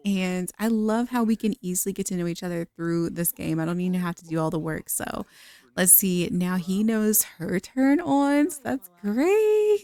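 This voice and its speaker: A woman's voice: medium pitch, warm tone, no echo. A young woman giving chatty, giggly let's-play commentary on a life-simulation game. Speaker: gaming content creator.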